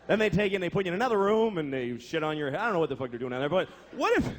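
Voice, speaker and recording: Rapid-fire and fairly high-pitched, a male comedian delivers a stand-up routine full of swearing and exasperation. The live recording carries audience laughter behind his stories.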